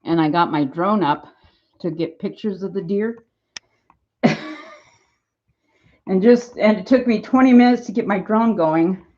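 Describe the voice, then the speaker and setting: A woman's voice: mid-range voice, unhurried, long pauses, darkish tone. An older woman vlogging in a casual, rambling way from her home and yard, laughing easily as she chats. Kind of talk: casual chat. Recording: dull lo-fi phone audio.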